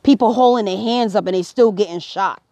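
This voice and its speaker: A woman of average pitch talks straight to her viewers in an earnest, preaching way. Her voice swells to emphatic peaks as she presses each point. The sound is dry and close, with no room echo. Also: a little fast, warm tone. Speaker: vlogger. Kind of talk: impassioned personal commentary.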